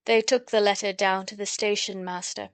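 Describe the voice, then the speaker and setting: A woman reading a children's classic aloud as an audiobook narrator, clear and gently expressive. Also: mid-range voice, moderate pace, no echo. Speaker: audiobook reader. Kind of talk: scripted storybook narration. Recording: dry close recording.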